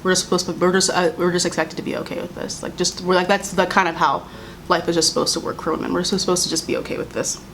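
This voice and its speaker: A woman's voice: fairly low pitch, level tone, fast talker, fairly bright tone, slight background noise. A young adult woman vlogging, speaking heatedly and emphatically, repeating her points and mimicking others mockingly. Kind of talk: impassioned commentary to camera.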